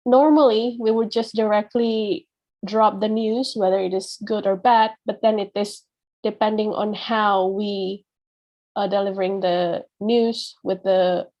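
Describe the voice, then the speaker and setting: Slow, patient woman teacher. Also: medium pitch, dull audio. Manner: patient and explanatory, with frequent "yeah" check-ins; acts out example phrases with a changed tone. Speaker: English teacher. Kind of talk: explaining a lesson to students.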